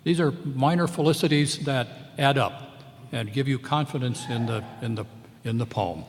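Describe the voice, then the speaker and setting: A man, an English professor on a memorial panel, giving a measured close reading of a poem and slowing down to sound out lines of verse. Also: mid-range voice, slight background noise. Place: large lecture hall at a memorial event. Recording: long hall reverb.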